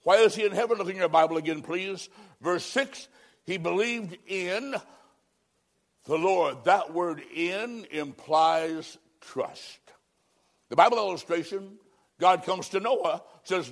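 A male preacher delivering an evangelistic sermon, swinging between loud emphatic lines and hushed, near-whispered endings. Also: sits high, slow pace.

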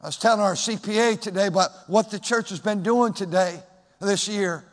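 Male pastor, high voice, sermon delivery that swings between shouting and hushed asides, long hall reverb. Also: moderate pace. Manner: swings from loud shouted emphasis to hushed, soft speech. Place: large church sanctuary.

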